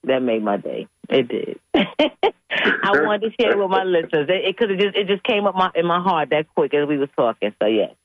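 Animated woman storyteller on a phone line. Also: fairly low pitch, moderate pace, dry recording. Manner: animated storyteller, laughs often, acts out voices. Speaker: radio co-host. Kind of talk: casual storytelling chat.

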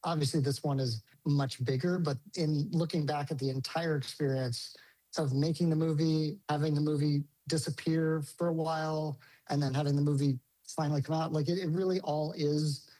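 A male filmmaker answers an interviewer in a thoughtful, halting way, with frequent restarts. His tone is dark and mellow. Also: on the high side, steady tone, low-quality recording. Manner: thoughtful, hesitant, many restarts and fillers. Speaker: film director interviewed.

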